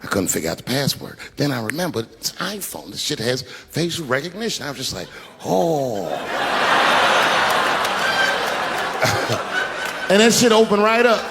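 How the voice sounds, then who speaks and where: A middle-aged man doing a stand-up comedy routine, telling a story with lively acted-out quotes. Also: fairly high pitch, quick pace, few pauses. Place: large theater stage. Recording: reverberant hall with crowd noise. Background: audience laughter.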